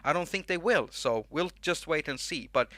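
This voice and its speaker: Rambling Swedish man, bright voice. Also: a little high, lively intonation, no echo. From Sweden. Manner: rambling, rapid-fire, jumps between thoughts. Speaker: livestream host. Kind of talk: casual livestream chat. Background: faint music track.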